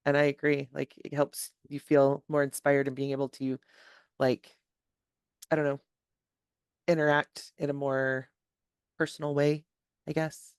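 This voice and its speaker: A woman's voice: deep voice, level tone, unhurried, long pauses, clear, resonant tone, no echo, clean studio sound. A woman moderating an online training session over a video call, friendly and a bit hesitant. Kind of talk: webinar hosting.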